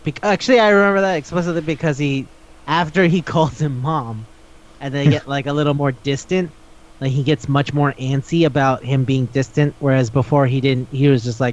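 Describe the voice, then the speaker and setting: A man's voice: medium pitch, steady tone, brisk. A man co-hosting a casual podcast chat, talking animatedly, swearing often and acting out characters' lines as he retells a story. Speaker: podcast co-host. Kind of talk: casual chat recapping a manga. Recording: dull lo-fi recording.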